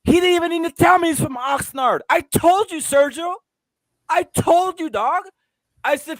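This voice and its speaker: Man, high voice, profane ranting, repeats himself, casual boxing chat, dry close sound. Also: normal speed, dry recording. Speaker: host.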